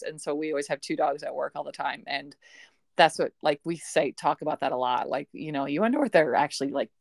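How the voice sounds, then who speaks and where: A woman hosting a podcast, chatting casually, asking her guest questions and laughing often. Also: deep voice. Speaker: podcast host. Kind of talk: casual interview chat.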